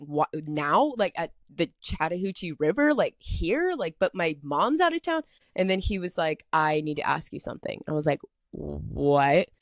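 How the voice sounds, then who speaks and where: A woman's voice: lowish voice, dry recording, studio quality. A young woman from Atlanta hosting a solo podcast, telling a story in a chatty, rambling way full of "like". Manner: chatty, rambling, heavy filler "like". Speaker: podcast host.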